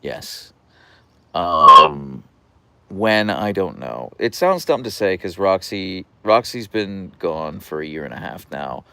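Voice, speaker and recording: A man hosting a casual livestream, reading viewer comments aloud in a calm, soft-spoken voice with a radio-like quality. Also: low voice, slow, creaky, clear, resonant tone, no room sound. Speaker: livestream host. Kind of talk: casual live-stream chat reading comments.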